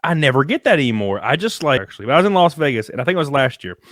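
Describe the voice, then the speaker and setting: A young man casually telling a rambling, animated story, full of "like" and casual swearing. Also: mid-range voice, rapid-fire, no echo, clean studio sound. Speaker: guest storyteller. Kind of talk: casual storytelling on a live stream.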